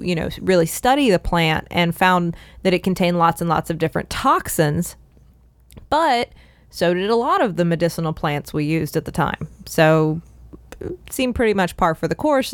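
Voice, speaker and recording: A woman's voice: fairly low pitch, lively intonation, normal speed, no echo. A woman co-hosting a casual history podcast, explaining with frequent fillers and laughing easily. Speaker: co-host.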